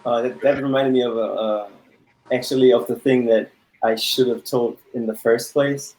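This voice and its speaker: Man telling a halting story. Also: mid-range voice, fairly even intonation, darkish tone, low-quality recording. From Germany. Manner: halting, repeats words, laughs often. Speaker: panel guest. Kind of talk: casual storytelling chat.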